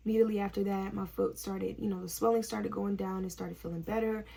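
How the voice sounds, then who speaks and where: Gravelly, husky young woman telling a story. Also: medium pitch, steady tone, fast, mellow. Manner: chatty storytelling, laughs often, fills with "like". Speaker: vlogger, nursing student. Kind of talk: casual story-time chat.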